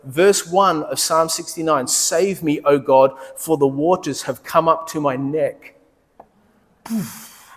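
A middle-aged male pastor preaching, telling personal stories in a conversational, animated way with quoted dialogue. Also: a little high, slow pace, big-room sound.

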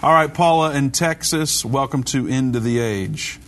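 A man hosting a Christian call-in radio show, talking briskly and conversationally while preaching to callers. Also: mid-range voice, a bit bright, a little hiss or hum.

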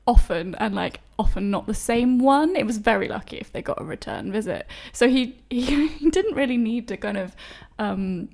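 A woman's voice: a little high, lively intonation, moderate pace, gravelly, few pauses, darkish tone. Chatty self-deprecating woman. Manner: chatty, self-deprecating, many fillers and restarts. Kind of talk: casual podcast chat.

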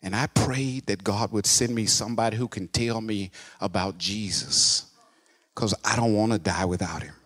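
A man voicing a quiet male jail inmate facing death row, speaking low and earnestly. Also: moderate pace. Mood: hushed, earnest.

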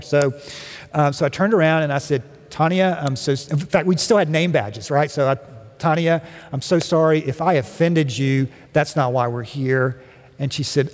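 A man's voice: fairly high pitch, moderate pace, a little mellow. Reverberant storytelling sermon from a man. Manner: conversational storytelling with humor. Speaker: guest speaker. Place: church sanctuary. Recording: long reverb of a large hall.

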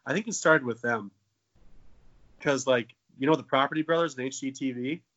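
Bright-voiced man in his twenties, joking. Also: medium pitch, normal speed, muffled recording. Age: 20s. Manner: jokey, profane, playful. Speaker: podcast co-host. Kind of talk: casual comedic chat.

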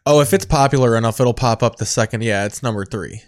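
A man's voice: mid-range voice, fast, no echo, studio quality. A man hosting a podcast in casual chat and running the sound board, direct and matter-of-fact. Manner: direct, matter-of-fact, corrects his co-host. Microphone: studio microphone.

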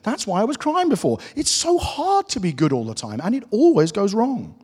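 A man's voice: high-pitched, wildly swooping pitch, normal speed, darkish tone, husky, voice pushed up, exaggerated voice. A man voicing a guilty, upset little girl in a children's story, in an earnest, fretful way. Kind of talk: reading a children's storybook aloud. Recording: echoey hall.

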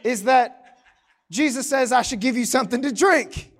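Male pastor, very high voice, animated sermon delivery with playful asides. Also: moderate pace. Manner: animated, joking asides to the congregation.

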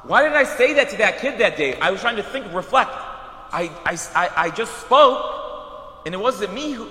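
A man preaching a sermon as a priest, telling stories in an animated way with quick asides. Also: sits high. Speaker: Catholic priest. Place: church. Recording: echoey church hall.

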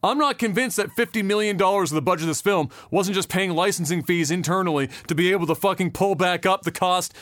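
A man's voice: sits high, fast, hardly any pauses, a bit bright, dry recording. A man co-hosting a podcast, in casual chat, rambling and profane, with lots of fillers and restarts. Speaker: podcast co-host.

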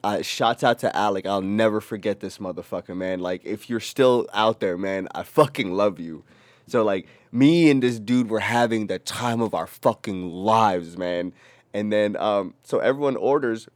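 A young man co-hosting a casual podcast, telling a rowdy story with lots of profanity and loud acted-out quotes. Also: on the low side, normal speed, dry recording. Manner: animated, profane, acts out quotes in a raised voice. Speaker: podcast co-host.

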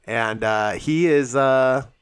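A man's voice: medium pitch, takes it slowly, clear, resonant tone. A man co-hosting a casual podcast, swearing often and laughing through crude jokes. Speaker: podcast co-host.

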